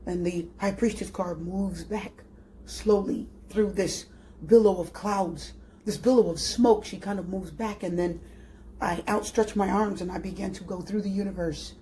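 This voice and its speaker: A woman who reads tarot, narrating a guided spiritual meditation in a slow, dreamy, soft-spoken manner, often repeating herself. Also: mid-range voice, fairly even intonation, slight background noise. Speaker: tarot reader.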